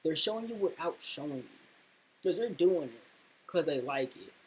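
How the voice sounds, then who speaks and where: A man giving casual reaction commentary, halting and repeating words as he talks. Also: on the high side, lively intonation, a little hiss or hum, poor audio. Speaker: reaction video host.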